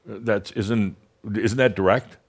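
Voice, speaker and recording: A man giving a channeled spiritual talk to an audience, blunt and teasing, slowing down to guide deep breaths. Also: steady tone. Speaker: spiritual teacher channeling a master.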